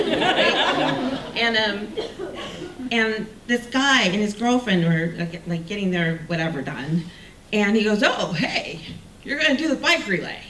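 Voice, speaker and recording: Lively woman telling a story on stage. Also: medium pitch, a little hiss or hum. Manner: animated, self-mocking, acts out quoted voices. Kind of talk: live personal storytelling. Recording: roomy sound from a distant mic with faint ambience.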